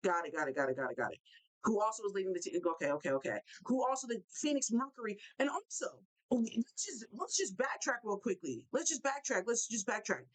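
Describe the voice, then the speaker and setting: A young woman hosting a live basketball talk show, ranting in an animated way and repeating herself for emphasis. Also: medium pitch, fast, rough recording. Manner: animated, repetitive, fired-up ranting. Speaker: show host.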